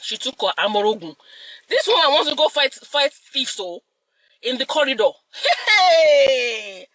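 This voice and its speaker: A young woman hosts a mukbang, telling a story in a lively, laughing way and dropping in Yoruba phrases. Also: high voice, normal speed, a little hiss or hum, low-quality recording. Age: young adult. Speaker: mukbang host. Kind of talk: casual storytelling while eating.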